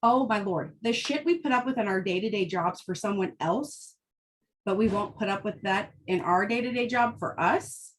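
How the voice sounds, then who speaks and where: A woman's voice: medium pitch, moderate pace, a little hiss or hum. A woman giving a fired-up, blunt motivational talk, often checking in with "right?" as she goes. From United States. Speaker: host.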